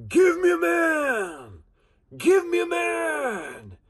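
A preacher voicing a taunting giant warrior man who shouts slow, drawn-out challenges. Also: very high-pitched, wildly swooping pitch, pitched above the performer's own voice, heavily acted.

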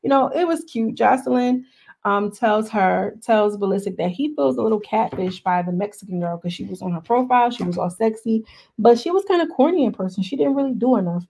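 A woman's voice: mid-range voice, fairly quick, gravelly, mellow. Chatty gossiping woman recapping reality TV. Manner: chatty, gossipy, talks straight to viewers. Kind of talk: casual recap commentary.

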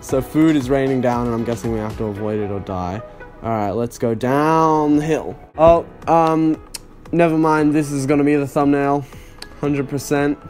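A man's voice: medium pitch, moderate pace, a little mellow, soft background music. A young man commenting on a game he is playing, with sarcastic, incredulous reactions. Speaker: gaming YouTuber. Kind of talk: let's play commentary.

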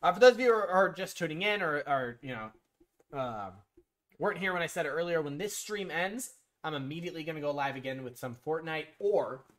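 Here a man's high-leaning voice sounds expressive, brisk, and a bit bright. He chats on a live stream about sports picks, calling out viewers by name, speaking bluntly with a bit of profanity, and often restarting or saying um.

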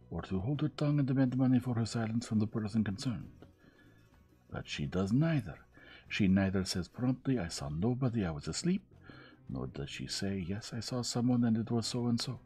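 A man's voice: fairly low pitch, dark tone, close to an everyday voice. A man voicing a fussy, precise older Belgian male detective who lays out his reasoning step by step. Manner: measured, explaining step by step.

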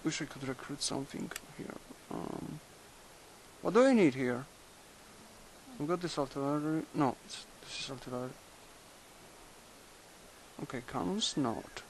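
A young man quietly musing aloud while playing a strategy game, halting and thinking out loud. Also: on the high side, lively intonation, a little hiss or hum, rough recording. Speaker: video game commentator. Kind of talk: late-night let's play commentary.

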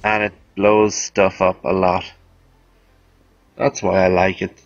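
A man's voice: sits low, level tone, slow, no echo, muffled recording. A man giving casual, chatty, self-amused commentary over a video game as he explains weapons. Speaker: game guide host.

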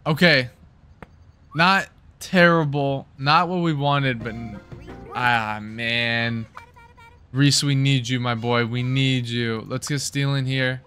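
A man hosting casual gameplay commentary, excitably cheering his players on by name. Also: medium pitch, slow, faint music behind. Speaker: gaming channel host.

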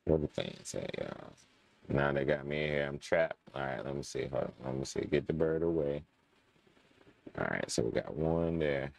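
Very deep, creaky and a little mellow, his voice moves at a moderate pace and stays animated. He's a young man hosting a gaming channel, casually commenting on a let's-play, talking to viewers and muttering when things frustrate him.

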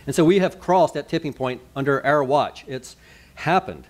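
Pastor preaching conversationally. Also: male voice, on the high side, moderate pace. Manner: conversational preaching with asides and rhetorical questions. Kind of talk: sermon.

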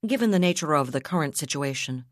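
Woman voicing an apologetic junior officer in an audiobook, low and dry, polite. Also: lively intonation, quick pace, no echo.

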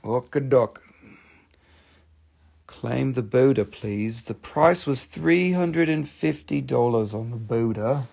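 A man's voice: medium pitch, slow, vocal fry, a little mellow, breathy edge. A man hosting a live stream, selling crystals in casual, joking sales patter full of swearing. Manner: chatty, profane and joking.

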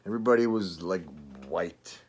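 A man's voice: sits low, normal speed, slight background noise. Older Canadian man rambling with lots of "eh". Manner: rambling, swearing, laughs often, tag "eh". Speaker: vlogger. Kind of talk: casual chat.

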